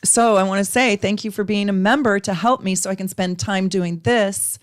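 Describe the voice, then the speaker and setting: A woman's voice: medium pitch, steady tone, moderate pace, no echo, clean studio sound. A woman astrologer chatting effusively on a live stream, laughing often as she gives chart readings. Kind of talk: live-stream casual chat.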